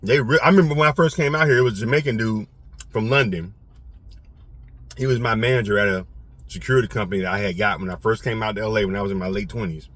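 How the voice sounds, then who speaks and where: A man hosting his own channel, ranting to the camera in an emphatic, animated and profane way. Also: on the low side, fast. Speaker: channel host. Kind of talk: casual rant to camera.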